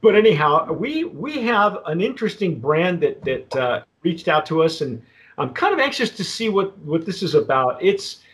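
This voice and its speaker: A man with a fairly high-pitched voice talks his way through a tasting in a loose, unhurried chat. He stops and restarts his phrases again and again and fills the gaps with "um" and "uh". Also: big pitch swings, a bit bright. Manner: rambling, halting, with many restarts and fillers. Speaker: tequila review host.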